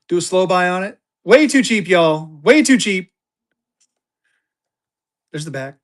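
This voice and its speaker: A seller on a live online auction rattles off fast sales talk, repeating phrases and growing excitable as bids arrive. The hype is rapid, and the voice leaps high when bidding heats up.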